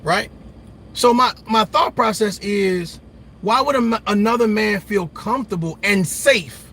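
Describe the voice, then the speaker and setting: A man rants on a livestream, preachy and repeating phrases for emphasis. His voice sits high and bright with a husky edge. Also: measured pace. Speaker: commentary host. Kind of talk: livestream commentary rant.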